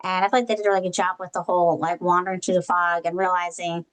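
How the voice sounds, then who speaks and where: A woman's voice: lowish voice, little pitch movement, fast talker, low-quality recording. A woman co-hosting a podcast, giving her views on a film in a conversational way, hedging with fillers. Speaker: podcast co-host. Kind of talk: casual book-and-film review chat.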